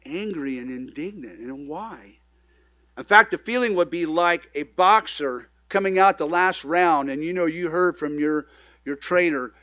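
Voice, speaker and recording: A middle-aged man who pastors a church, preaching in a loose, conversational way, now loud and now hushed. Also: on the high side, no room sound, clean studio sound. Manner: conversational, animated preaching with sudden swings in loudness. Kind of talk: sermon.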